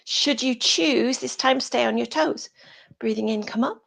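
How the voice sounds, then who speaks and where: Yoga teacher, british woman, slow and husky, gravelly edge, gentle breathy cues on a video call. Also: a little high. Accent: British English. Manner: soft-spoken breathy cueing, often whispered. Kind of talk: guided yoga class over video call.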